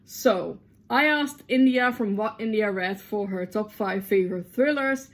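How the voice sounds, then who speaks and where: Excitable, gravelly-voiced woman vlogging. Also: medium pitch, unhurried. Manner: excitable, swears freely, many fillers. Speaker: book vlogger. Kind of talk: casual chatty vlog to camera. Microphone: camera mic.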